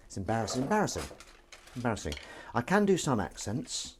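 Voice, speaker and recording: Rambling Southern English man, lively pitch. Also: a little fast, slight background noise. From England. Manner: rambling, self-mocking banter with chat. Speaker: live-stream host. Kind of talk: casual live-stream chat while washing up.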